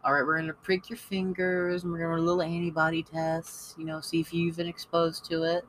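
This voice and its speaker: A man's voice: fairly high pitch, completely flat delivery, fairly quick, a bit bright, slight background noise, pitched above the performer's own voice, close to an everyday voice. A man voicing a cheerful woman nurse who explains things in a chirpy, raised tone. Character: cheerful middle-aged woman visiting nurse.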